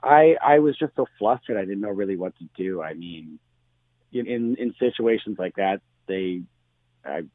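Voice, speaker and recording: A bar owner talking casually on the phone, full of fillers and restarts. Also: male voice, fairly low pitch, lively intonation, moderate pace, dry recording. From Canada. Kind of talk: phone interview. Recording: tinny phone line.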